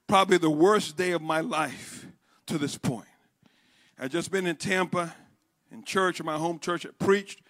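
A man preaching a Pentecostal sermon, swinging from shouted exhortation to hushed, halting storytelling. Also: sits high.

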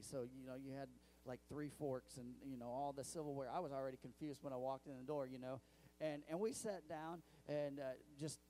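A man's voice: a little high, mellow, a little hiss or hum. A young male pastor preaching a sermon in a church, telling stories in a conversational way with many restarts. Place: church sanctuary.

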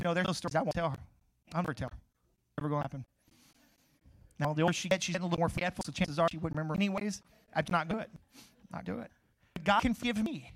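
A middle-aged man preaching a sermon as pastor, swinging from loud, stretched scripture reading to quiet, joking asides and personal stories. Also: sits high, no room sound, low-quality recording. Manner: storytelling with humor and laughs.

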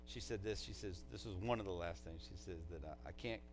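A man's voice: deep voice, a little fast, faint music behind, poor audio. A man, a pastor, delivering a eulogy in a conversational, heartfelt way, often dropping in "man" as a filler.

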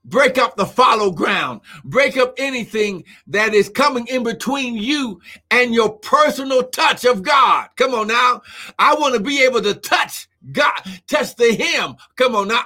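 A man preaching a live-streamed sermon, fervent and often shouting, who keeps repeating "come on now" and breaks into speaking in tongues. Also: extremely high pitch.

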